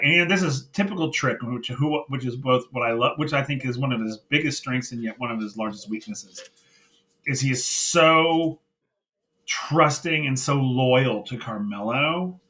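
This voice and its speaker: A man co-hosting a casual wrestling review podcast, his voice bright and forceful. He retells backstage scenes with animated bursts and quoted lines. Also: mid-range voice, rough recording. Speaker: podcast co-host.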